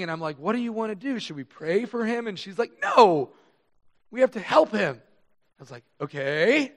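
A man's voice: sits high, a bit bright. A male pastor preaching a sermon, telling stories in a conversational, self-deprecating way.

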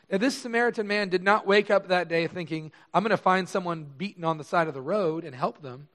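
Man, high voice, pastor, sermon, chatty self-deprecating storytelling. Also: brisk, hardly any pauses, a bit bright.

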